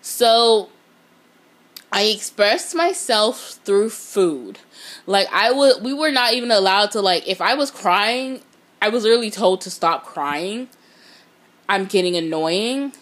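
A woman's voice: medium pitch, animated, slow pace, fairly bright tone. A woman giving a blunt, profane motivational talk, speaking straight to her viewers. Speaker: motivational vlogger.

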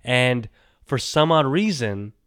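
Animated man rambling on a podcast. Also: medium pitch, slow, smooth, no echo, clean studio sound. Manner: animated, talks to himself, swings from loud to mumbled. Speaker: podcast host. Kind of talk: rambling solo podcast talk.

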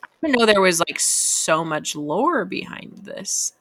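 A woman's voice: lowish voice, sing-song, measured pace, fairly bright tone, no echo. A young woman reading a novel aloud and mocking it in casual, laughing chat. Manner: sarcastic, laughing, mock-gushing.

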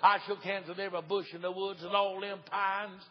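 Older man, East Tennessee accent, revival evangelist, high-pitched husky voice, folksy sermon with bursts of shouting, dull lo-fi church recording, long hall reverb. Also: level tone, a little fast. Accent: Southern US, East Tennessee. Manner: folksy storytelling, swelling to shouts. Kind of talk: old-time revival sermon. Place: church sanctuary.

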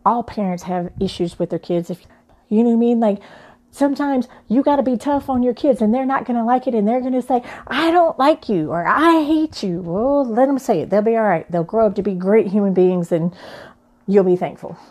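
A woman's voice: medium pitch, brisk, warm tone. A middle-aged woman, a mother telling her own story in a candid, emphatic way, often repeating her points. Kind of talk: personal talk.

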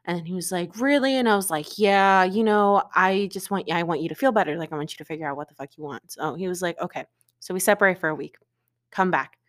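A woman's voice: lowish voice, fast. Swearing young woman telling a story. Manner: animated storytelling, heavy swearing and filler "like". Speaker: podcast co-host. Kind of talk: casual chat.

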